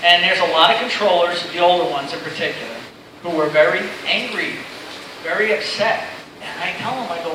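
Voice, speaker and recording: A man's voice: sits high, normal speed. Joking man in an echoey seminar room. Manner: chatty, joking, rambling storyteller. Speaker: seminar speaker. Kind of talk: informal safety talk to pilots. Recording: echoey room from far off, noisy.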